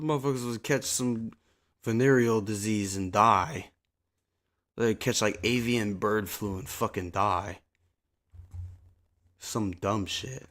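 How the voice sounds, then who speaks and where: Slow-talking profane male streamer. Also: medium pitch. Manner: slangy, profane, rambling to chat; yells into mic at a friend. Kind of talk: casual live-stream chat. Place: small desk at home. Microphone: desk mic on a soundboard.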